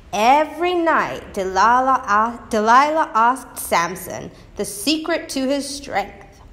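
A woman teaching a church lesson, telling a Bible story in a slow, expressive storytelling manner. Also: on the high side.

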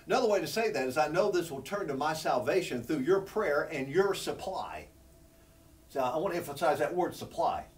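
Male preacher, earnest teaching sermon, higher-pitched voice, picked up from a distance. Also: sing-song, normal speed. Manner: earnest and conversational, rises in pitch when emphatic. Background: congregation responding.

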